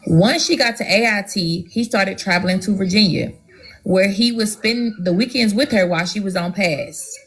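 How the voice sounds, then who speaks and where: A woman's voice: mid-range voice, moderate pace, breathy edge, rough recording. A woman reading a listener's post aloud and then giving sympathetic advice.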